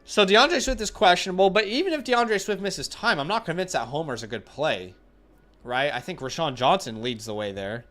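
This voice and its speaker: A man's voice: on the high side, expressive, moderate pace, sharp tone, soft background music. A man hosting a casual live stream, answering viewer questions, thinking aloud with fillers and restarts, blunt in his opinions, with a runny nose. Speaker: fantasy football host answering viewer questions.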